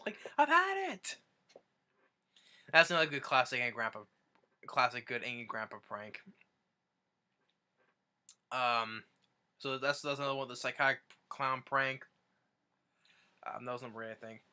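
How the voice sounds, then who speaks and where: Bright-voiced man, casual rambly recap host, lots of ums and restarts. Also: medium pitch, fairly even intonation, moderate pace, long pauses, smooth. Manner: rambling, many restarts and fillers. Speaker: YouTuber.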